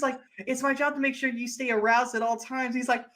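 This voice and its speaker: A man's voice: very high voice, level tone, brisk, fairly bright tone. A young man co-hosting a podcast, casually retelling a movie and acting out its lines. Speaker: podcast co-host. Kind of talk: casual movie recap chat.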